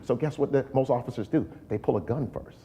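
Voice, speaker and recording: A man with a medium-pitched, brisk voice and a breathy edge chats casually as a talk-show guest. He tells stories and gets animated when acting out what people said.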